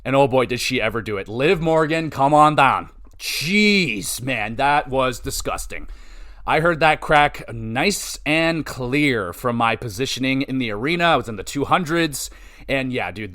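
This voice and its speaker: A man hosting a podcast, giving a casual solo wrestling review, profane, rambling and excitable. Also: mid-range voice, normal speed. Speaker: podcast host.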